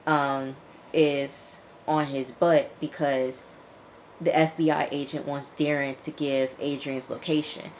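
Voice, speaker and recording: A woman casually recapping a TV episode, chatty and animated, acting out the characters' lines as she tells it. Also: low voice, a little hiss or hum. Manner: chatty, animated retelling with quoted dialogue. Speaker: TV show reviewer.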